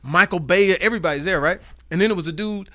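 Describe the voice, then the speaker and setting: A man guest telling animated, profane stories in a casual interview, acting out the dialogue. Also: high-pitched, quick pace, no room sound, studio quality. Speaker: guest, comedian and actor.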